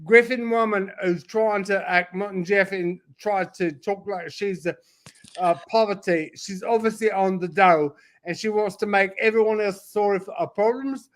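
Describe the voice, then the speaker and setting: A man's voice: high-pitched, normal speed, close to an everyday voice. A man putting on a mock Cockney accent, ranting as an indignant British bloke. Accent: put-on Cockney.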